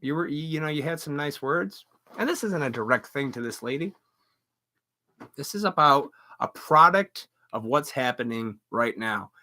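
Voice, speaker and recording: A man's voice: on the high side, lively intonation, normal speed, bright, forceful tone. Heated, profane ranting man. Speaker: live stream host. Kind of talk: angry ranting monologue.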